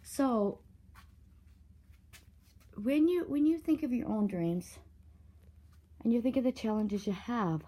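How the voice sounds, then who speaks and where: Slow earnest woman musing on spirit. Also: on the high side, mellow, rough recording. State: emotional, choked up at times. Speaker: vlogger touring a site. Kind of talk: walking vlog tour. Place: outdoor art site with walk-through rooms.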